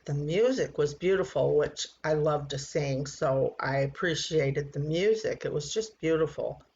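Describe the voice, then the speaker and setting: A woman in her sixties giving an earnest personal faith testimony, halting and repeating words as she tells it. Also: sits low, darkish tone, highs cut off. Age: 60s. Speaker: church member giving testimony.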